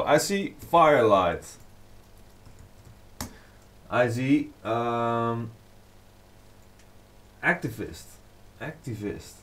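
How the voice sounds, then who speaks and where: A man hosts a casual DJ livestream, talking slowly and unhurriedly. He rambles with plenty of fillers and reads fan comments out loud. His pitch sits at an ordinary middle level. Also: slight background noise. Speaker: DJ and producer livestreaming to fans.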